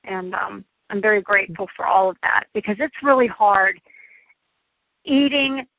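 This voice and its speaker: A woman's voice: medium pitch, moderate pace, vocal fry, no echo. A middle-aged woman, a guest in a casual interview, talking in a chatty, effusive way. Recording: dull lo-fi dry line.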